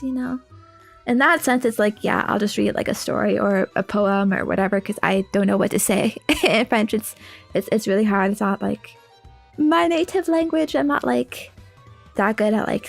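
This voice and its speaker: A woman's voice: sits high, creaky. A young woman streamer chatting casually while building a model kit, rambling and laughing with lots of fillers.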